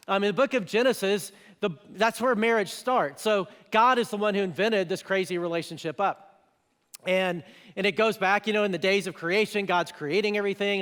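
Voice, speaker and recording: A man preaching a sermon as pastor, talking in a casual, animated way with quick voiced asides. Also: sits high, clear, resonant tone. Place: church auditorium. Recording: church hall with long reverb.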